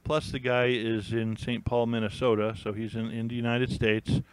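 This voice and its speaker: Smooth-voiced man in rambling chat. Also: mid-range voice, little pitch movement, normal speed, no echo, low-quality recording. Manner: rambling, chatty, with many fillers and restarts; thinks aloud while browsing listings. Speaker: YouTube host. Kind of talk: casual live-stream chat.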